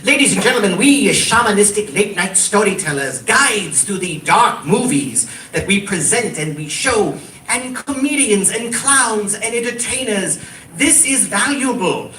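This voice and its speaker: A man's voice: sits high, lively intonation, a little slow, bright, forceful tone. A man giving an exuberant, playful acceptance speech as a horror host being honored. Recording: echoey hall, distant mic, faint noise.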